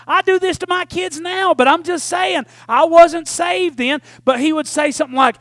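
A man's voice: very high voice, lively intonation, moderate pace, few pauses, fairly bright tone, no room sound. A man preaching a sermon, telling folksy stories with lots of "right?" asides.

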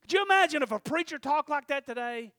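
Male preacher, very high voice, dry close sound, animated storytelling sermon. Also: fast, no room sound. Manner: animated storytelling, acting out voices, shouting peaks. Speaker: pastor.

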